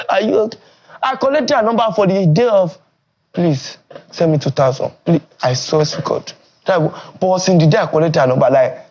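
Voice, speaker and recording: A young Nigerian man who streams and makes content, chatting in an interview in Nigerian Pidgin English. His talk is animated and often jumps high and loud. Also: highs cut off.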